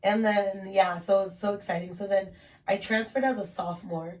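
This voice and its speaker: A woman's voice: mid-range voice, steady tone, moderate pace, darkish tone, recorded from a distance. Twenties woman, chatty storyteller who swears casually, recorded a little off-mic. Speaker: podcast host telling her story. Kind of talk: casual podcast chat.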